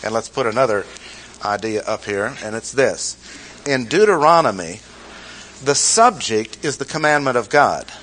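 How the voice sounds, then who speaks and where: Expressive and moderately paced, a Bible teacher with a medium-pitched, slightly bright voice preaches an emphatic expository sermon, asking the audience questions and echoing key phrases. There is a little hiss or hum on the rough recording.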